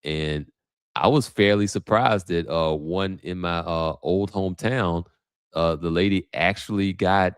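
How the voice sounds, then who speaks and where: Hosting a livestream, a man talks in a low voice, captured in studio quality with no echo. He comments casually, thinking aloud and frequently starting sentences over.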